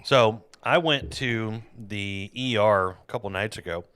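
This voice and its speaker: A man's voice: lowish voice, a little slow, a bit bright, clear, resonant tone, no echo. A man hosting a podcast in casual chat, rambling and jokey with a self-deprecating streak. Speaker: podcast host.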